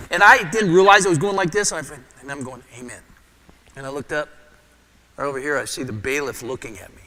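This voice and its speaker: A middle-aged male pastor preaching in a church sanctuary, his voice ringing with a long hall reverb. He speaks a little high and very bright, swinging between animated storytelling and hushed, prayerful murmurs. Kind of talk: sermon storytelling.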